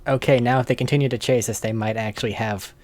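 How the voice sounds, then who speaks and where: A man's voice: mid-range voice, steady tone, quick pace, darkish tone. A man playing a tabletop role-playing game, thinking aloud and chuckling as he plans. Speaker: player. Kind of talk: casual tabletop role-play chat.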